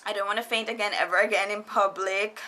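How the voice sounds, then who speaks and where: A young woman casually telling a storytime vlog, animated and laughing often, quoting people in put-on voices. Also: mid-range voice, fast, a little hiss or hum. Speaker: vlogger. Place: foreigner living in Japan.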